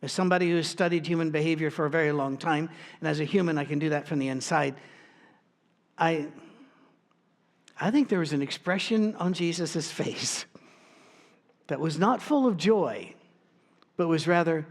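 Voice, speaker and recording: A man's voice: fairly high pitch, moderate pace. A male pastor preaching a sermon in a plain, informal storytelling way, with frequent restarts and asides.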